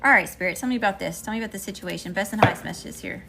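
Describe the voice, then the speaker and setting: A woman's voice: medium pitch, very fast, creaky, over loud music. A woman doing a live-stream tarot reading, chatting with viewers between cards. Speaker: tarot reader.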